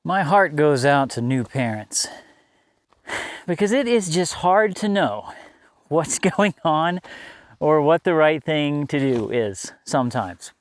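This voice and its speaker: A man's voice: a little high, lively intonation, takes it slowly, no room sound. A middle-aged man telling a personal story in a casual, conversational way, laughing often and restarting his sentences.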